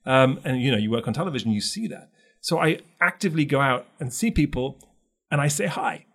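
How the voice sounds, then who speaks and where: A man's voice: medium pitch, fairly quick, breathy edge. A middle-aged man from London with a London accent, chatting casually and acting out the voices of people in his stories. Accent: London English. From London, England. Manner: animated storytelling, acts out quoted voices. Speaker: co-host. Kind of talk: casual chat.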